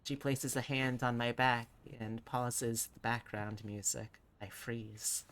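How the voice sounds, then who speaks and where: A woman's voice: rumbling low, little pitch movement, slow pace. A woman VTuber reading visual novel narration aloud on a live stream, breaking off to comment.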